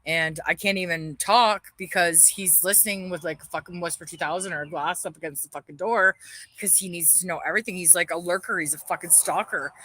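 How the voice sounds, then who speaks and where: A woman's voice: on the low side, steady tone, brisk, pushed and bright. A woman ranting bitterly on a livestream, swearing heavily and airing her grievances. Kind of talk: angry livestream rant.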